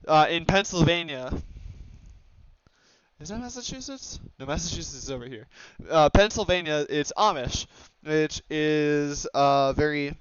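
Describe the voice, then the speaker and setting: Young male student presenter, slightly high, hesitant and full of fillers. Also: a bit bright, clean tone, dry recording. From Oregon, USA. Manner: hesitant, many fillers and self-corrections. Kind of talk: slide presentation on dialect maps. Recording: slightly dull lo-fi mic.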